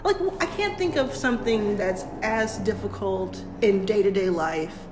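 A woman in her forties chatting casually as a co-host, playful and quick to laugh. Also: mid-range voice, animated, background noise. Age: 40s. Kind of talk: casual chat. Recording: roomy echo.

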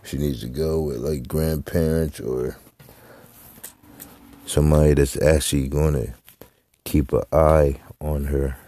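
A man's voice: extremely low pitch, fairly even intonation, unhurried, pauses often, warm tone. A middle-aged man hosting a casual solo podcast, rambling and swearing freely, trailing off into fillers. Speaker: podcast host. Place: Florida.

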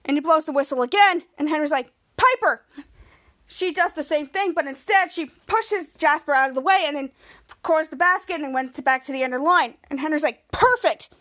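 In a high, fairly bright voice and at a slightly fast clip, the woman podcast host retells a TV episode. The recap is casual and rambling, full of restarts and acted-out dialogue.

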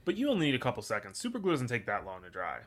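A man's voice: medium pitch, wildly swooping pitch, rapid-fire, crowd noise. A man from Texas and Louisiana co-hosting a podcast, rambling and joking in casual chat with lots of fillers. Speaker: podcast co-host.

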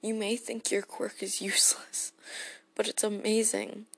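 A woman voicing a gentle, goofy teenage boy hero who speaks as an affectionate boyfriend in a role-play audio, soft-spoken and prone to giggles. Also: on the high side, slow, creaky, exaggerated voice. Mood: tender, reassuring. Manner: soft-spoken and tender, breaking into giggles when tickled.

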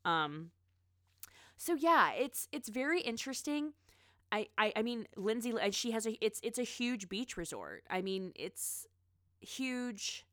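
A woman's voice: a little high, big pitch swings, measured pace, a bit bright, no echo, studio quality. A woman in casual chat, rambling about pop culture with frequent restarts and asides.

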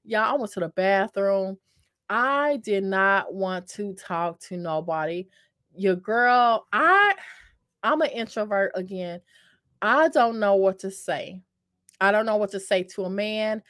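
A woman's voice: mid-range voice, slow, fairly bright tone, no room sound, studio quality. A woman telling a personal story to her viewers in a chatty, self-mocking way, full of fillers and repeats, calling them "y'all". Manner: talks with many fillers and repeats. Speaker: vlogger telling a dating story. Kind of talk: casual storytelling to camera.

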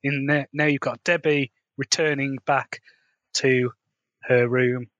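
Male co-host, casual recap chat, laughs often, mid pitch, dry close mic. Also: flat delivery, slow, a bit bright, no echo, dull audio. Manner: laughs often, paraphrases dialogue loosely. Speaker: podcast co-host.

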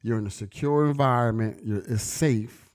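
A man's voice: mid-range voice, moderate pace, a little mellow. A middle-aged man vlogging in casual, slangy street talk, telling stories emphatically and preaching to his listeners. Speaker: vlogger and brand owner.

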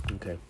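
A man hosting a casual solo podcast, rambling and joking with frequent swearing. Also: darkish tone. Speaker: podcast host.

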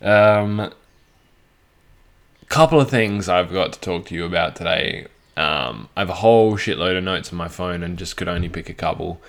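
A man's voice: low voice, normal speed. A young man hosting his own podcast, rambling crudely and swearing freely, with plenty of fillers and restarts. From Australia. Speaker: podcast host. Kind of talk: casual solo podcast monologue.

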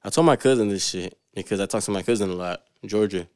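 A man's voice: lowish voice, quick pace, darkish tone, clear, resonant tone, no echo, clean studio sound. A man co-hosting a podcast, telling stories in a laid-back, slangy way and swearing often. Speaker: podcast co-host. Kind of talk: casual chat.

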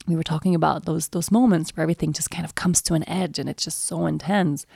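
A woman's voice: deep voice, fairly even intonation, quick pace, vocal fry, a little mellow, breathy edge, no room sound, clean studio sound. A woman in her thirties, speaking as a parent in a candid, reflective monologue full of "you know" fillers.

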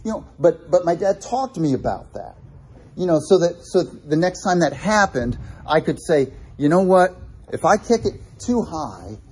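A man preaching a sermon, telling animated personal stories with many restarts. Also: fairly high pitch, husky. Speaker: pastor.

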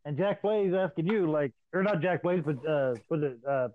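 A man casually swapping profane stories in an animated, storytelling way. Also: on the high side, moderate pace. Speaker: podcast host. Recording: dry, tinny phone-like line.

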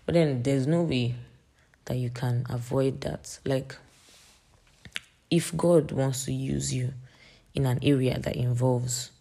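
A young woman in her late teens talks through a faith podcast monologue. Her voice is dark and husky with a gravelly edge. She stays earnest and rambling, full of fillers. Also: very deep voice, fairly even intonation, takes it slowly, pauses often. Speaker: podcast host.

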